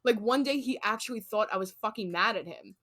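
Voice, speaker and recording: A woman in her twenties co-hosting a podcast, chatting casually with animated, profane storytelling. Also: medium pitch, a little fast. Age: 20s. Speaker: podcast co-host. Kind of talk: casual chat.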